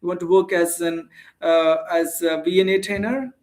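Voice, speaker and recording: A man with an Indian accent gives a casual spoken English lesson in a fairly high voice. He talks earnestly, thinking aloud with fillers and restarts. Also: steady tone, moderate pace, darkish tone. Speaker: English teacher.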